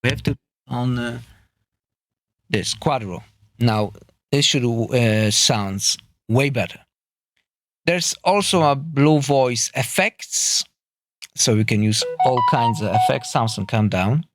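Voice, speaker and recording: Halting man unboxing a microphone, slow. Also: medium pitch, dry recording. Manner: halting, searching for words, many fillers and restarts; learning English, second-language phrasing. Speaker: tech reviewer. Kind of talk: product unboxing and walkthrough.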